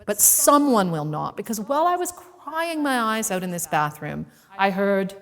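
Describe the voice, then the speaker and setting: A woman speaker telling a personal story to a live audience in a playful, animated way, acting out the voices in it. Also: mid-range voice, normal speed, big-room sound. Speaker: keynote speaker. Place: event venue with a live audience.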